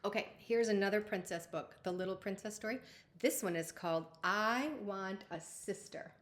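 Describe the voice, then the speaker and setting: A woman reading a picture book aloud to young children, gentle and patient. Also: medium pitch, moderate pace. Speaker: storytime reader.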